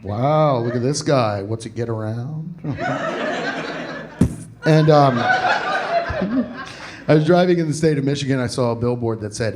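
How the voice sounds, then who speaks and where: A man's voice: mid-range voice, expressive, slow pace, long pauses, very noisy. A young man in his twenties doing rambling, absurd, self-deprecating stand-up on a comedy club stage. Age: 20s. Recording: live club with audience laughter. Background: audience laughter.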